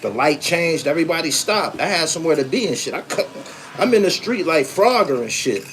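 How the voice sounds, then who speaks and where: A man's voice: on the high side, expressive, a little fast, slight background noise. A man in his forties from the East Coast, hosting a podcast in a loose, profane storytelling style as he reads viewer comments and acts out the voices in his stories. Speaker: podcast host. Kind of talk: casual livestream chat reading comments.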